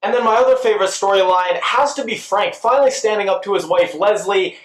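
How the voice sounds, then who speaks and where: A man giving a casual spoken recap and review of a TV episode, chatty and quick to act out the characters' lines. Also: sits high, reverberant. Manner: chatty, quotes characters in quick put-on voices.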